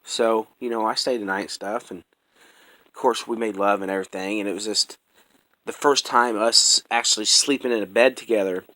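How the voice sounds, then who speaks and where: A man's voice: lowish voice, steady tone, moderate pace, bright, forceful tone, no room sound, poor audio. A young man telling his own life story in casual chat, rambling and profane with many restarts, earnest and close to emotion.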